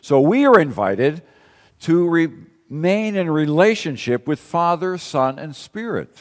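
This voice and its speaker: A man's voice: fairly high pitch, big pitch swings, slow. A man preaching a sermon in a conversational way, repeating key phrases and asking rhetorical questions. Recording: long reverb of a large hall.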